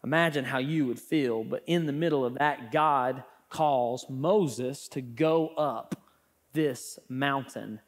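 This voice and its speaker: A man preaching a sermon as pastor, with animated emphasis that rises and drops. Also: medium pitch, slow. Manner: animated, rising and falling emphasis.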